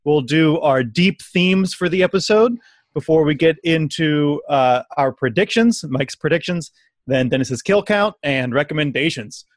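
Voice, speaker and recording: A man's voice: a little high, expressive, a little slow, no echo, clean studio sound. A man hosting a casual podcast, running through the segments and joking about the episode. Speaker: podcast host.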